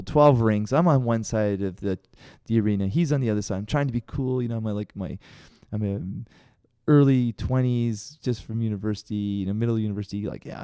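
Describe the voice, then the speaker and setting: A Canadian man spins a long story in a relaxed chat, laughing and slipping into little voices for the people he quotes. His voice sits at an ordinary pitch for a man, and the recording is close and dry with no room sound. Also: smooth, dry recording. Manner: animated, acts out quoted voices, laughs often. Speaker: podcast co-host.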